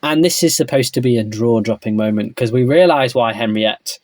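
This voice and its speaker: A man's voice: medium pitch, a little mellow, dry recording. Wry man in a dry room. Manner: measured, wry storytelling. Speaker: podcast co-host. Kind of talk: casual chat recapping a TV series.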